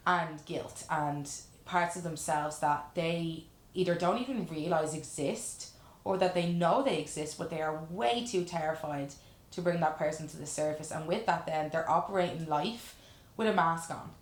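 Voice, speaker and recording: Low-voiced woman, roomy echo. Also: unhurried. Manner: earnest, reflective, frank with casual swearing. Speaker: life coach guest. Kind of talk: candid casual chat. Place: room in a lash salon.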